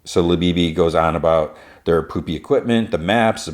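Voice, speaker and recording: A man's voice: sits low, normal speed. A man hosting a podcast, casually recapping a show in a rambling, filler-heavy way. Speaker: podcast host.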